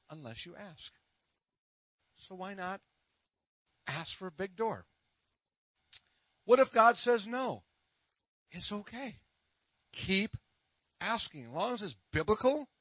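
Lively joking preacher man, dull dry sound. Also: high-pitched, breathy edge, no room sound. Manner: playful, corny jokes and laughs at his own puns. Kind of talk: joking sermon with prayer.

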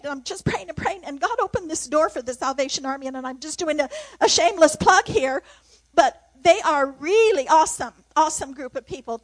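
A woman's voice: very high voice, dry recording, poor audio. An older woman giving an emotional mission testimony in church, exclaiming praise.

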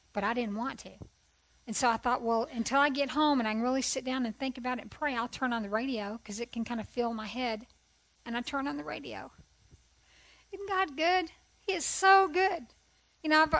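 A woman's voice: sits high, bright, forceful tone, low-quality recording. Earnest woman giving a testimony talk. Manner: earnest, conversational, asks rhetorical questions. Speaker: women's conference speaker. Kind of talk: testimony sermon.

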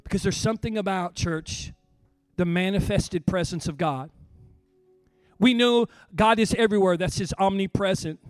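A middle-aged man preaching a sermon with passion, dropping soft and then building to shouts. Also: sits high, normal speed, clean tone, no echo, soft background music. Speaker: pastor.

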